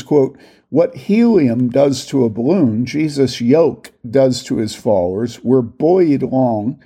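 A man reading aloud a critique of a theology book, slowly reading out long quotations and marking each quote. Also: mid-range voice, gravelly, mellow, breathy edge. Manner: reads quotations slowly and deliberately, voicing each quote mark.

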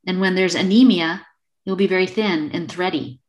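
Animated woman in her fifties, lowish voice. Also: normal speed. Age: 50s. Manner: animated, acts out quoted dialogue. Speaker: podcast guest. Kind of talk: casual conversational storytelling.

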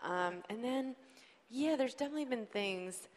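A woman's voice: a little high, moderate pace. Laughing woman telling stories in a hall. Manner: storytelling, animated, laughs through lines. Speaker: comedy show co-creator and street interviewer. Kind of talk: casual panel talk.

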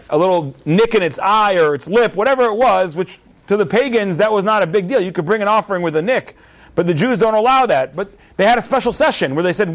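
A man teaching a lesson through a story, lively and repeating words for emphasis. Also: high voice.

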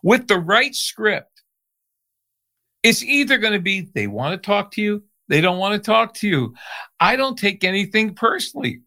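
Bright, animated male sales trainer. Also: high voice, moderate pace. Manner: animated, emphatic storyteller. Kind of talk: storytelling interview answer.

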